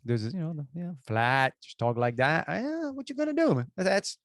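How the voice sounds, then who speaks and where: A man's voice: fairly high pitch, big pitch swings, normal speed, no echo, studio quality. A man with a Cajun Louisiana accent, co-hosting a podcast, joking and folksy in casual chat. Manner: joking, folksy, talks in bursts. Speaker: podcast co-host.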